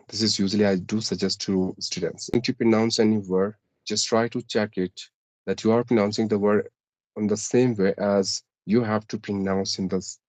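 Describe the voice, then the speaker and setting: A man's voice: lowish voice, darkish tone, dry recording, low-quality recording. A man, an English teacher, explaining pronunciation and accent by going through numbered rules. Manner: methodical, lists numbered rules. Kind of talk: explaining English-speaking tips.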